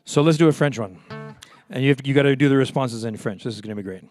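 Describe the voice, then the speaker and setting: A man's voice: mid-range voice, fast talker, music in the background. A man from Montreal, a folk singer chatting playfully between songs at a live concert, hesitant and full of fillers. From Montreal, Canada. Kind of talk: stage banter at a live concert.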